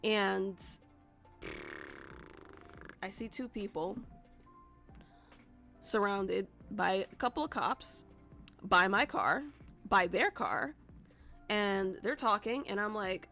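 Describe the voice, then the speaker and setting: A woman streamer rambles through a story for her chat, cursing casually and circling back when she loses her thread. Her voice carries a gravelly edge. Faint music plays beneath. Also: medium pitch, slow, pauses often, pushed and bright. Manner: chatty, profane, rambling with restarts.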